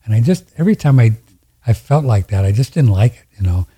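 A man's voice: mid-range voice, lively intonation, a little fast, mellow, slightly rough. A man hosting a radio show, talking in a folksy, rambling way and often repeating himself. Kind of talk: casual conversation.

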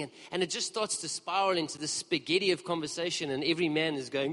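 A preacher telling a story in a sermon, lively and conversational as he speaks to the congregation in a church hall. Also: fairly high pitch, quick pace, few pauses. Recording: long reverb of a large hall.

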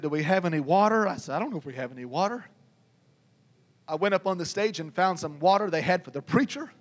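A man preaching a sermon, telling a story that builds from quiet talk to shouting. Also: high-pitched.

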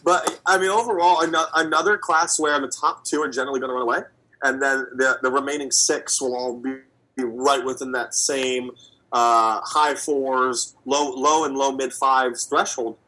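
Twenties male co-host, bright tone, eager and rambling. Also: mid-range voice, fairly even intonation, moderate pace, low-quality recording. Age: 20s. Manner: enthusiastic, rambling with fillers. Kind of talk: casual sports chat.

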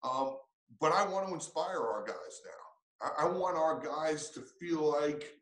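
A man speaking as a coach in an interview, earnest and reflective, often restarting his sentences. His voice sits a little high, and the room around him echoes noticeably. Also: unhurried, fairly bright tone. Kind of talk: interview answers.

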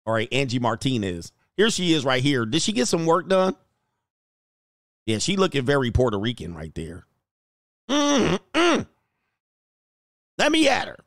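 A man's voice: mid-range voice, very animated, normal speed, a bit bright, dry recording, studio quality. A man hosting a casual livestream, reading out chat comments and joking in a loose, slangy way. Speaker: dating coach and channel host.

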